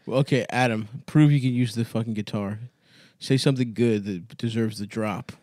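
Man, crude teasing banter, mid pitch, dry sound. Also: steady tone, moderate pace, a little mellow, dry recording. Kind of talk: casual comedic chat.

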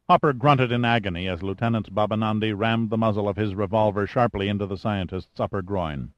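A man narrating an audiobook with steady, even storytelling. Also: fairly low pitch, a little fast, hardly any pauses, no echo, muffled recording. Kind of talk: scripted narration.

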